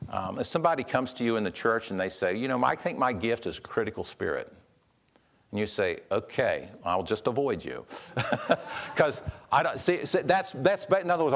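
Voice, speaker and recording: Conversational male pastor preaching. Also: mid-range voice. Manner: conversational, acts out quotes with shifts in voice. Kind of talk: sermon.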